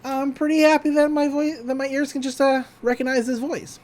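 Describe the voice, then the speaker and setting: A podcast host in a casual recap of a cartoon episode, animated and often laughing, slipping into quick character voices. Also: sits high.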